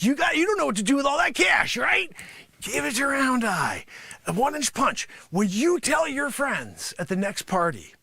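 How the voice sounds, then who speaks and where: A man playing a boastful, money-grubbing karate sensei who scolds his class and breaks into shouts. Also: extremely high pitch, vocal fry, dry recording, full character voice. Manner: bragging, scolding, swings into shouts. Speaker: livestream host. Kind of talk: improvised comedy character bit.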